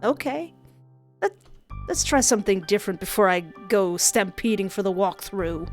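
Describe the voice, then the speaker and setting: A woman's voice: mid-range voice, lively intonation, normal speed, soft background music. A woman playing a visual novel, reading it out and making playful, joking asides. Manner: playful, joking asides between read-out lines. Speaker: gamer.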